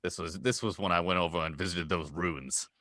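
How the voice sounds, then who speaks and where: A man's voice: deep voice, a little fast, bright, forceful tone, dry recording, clean studio sound. A man putting on a cheery globetrotting male travel guide, calling everyone mate. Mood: chummy. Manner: chummy, calls everyone mate.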